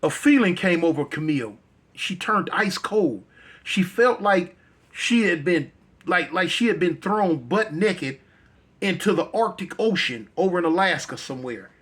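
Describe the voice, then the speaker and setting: A man's voice: high-pitched, animated, unhurried, a bit bright, husky. A male storyteller telling a dramatic tale in a conversational, repetitive way.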